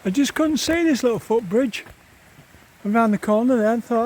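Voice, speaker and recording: A man's voice: very high-pitched, normal speed, darkish tone. A man vlogging as he hikes outdoors, out of breath and rambling to himself as he grumbles about the climbs. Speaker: hiker vlogger. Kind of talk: walking vlog commentary. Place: outdoors on open moorland.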